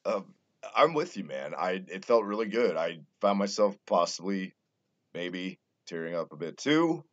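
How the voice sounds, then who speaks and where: A man hosting a casual podcast, talking in an animated way and swearing freely. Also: low-pitched, a little slow. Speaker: podcast host. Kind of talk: casual wrestling podcast chat. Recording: dull lo-fi audio.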